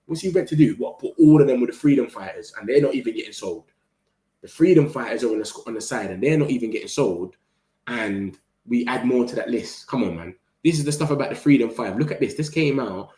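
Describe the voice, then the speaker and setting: A man's voice: mid-range voice, brisk. Slangy young man in an echoey room. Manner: animated, slangy, talks straight to chat. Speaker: football channel host reading live chat. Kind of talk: casual livestream chat.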